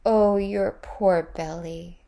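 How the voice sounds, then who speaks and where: A woman's voice: mid-range voice, fairly even intonation, slow, dark tone. A woman doing two tiny sighing creatures. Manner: echoing sighs. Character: two tiny fly-sized creatures, sympathetic.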